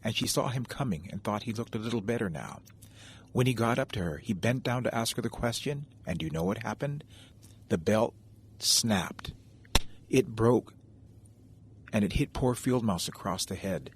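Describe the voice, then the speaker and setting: A man telling a traditional animal tale in a gentle, conversational way, speaking straight to his listeners. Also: lowish voice, expressive, moderate pace, a little hiss or hum. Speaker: storyteller. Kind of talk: oral folk storytelling.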